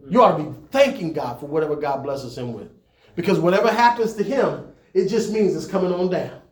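A man's voice: high voice, echoey room. A man preaching to church leaders in a conversational style, climbing to emphatic peaks. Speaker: pastor.

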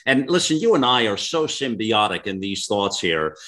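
A man's voice: fairly low pitch, big pitch swings, moderate pace, fairly bright tone. A man hosting a radio interview, agreeable and affirming, with some hesitations. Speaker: radio host.

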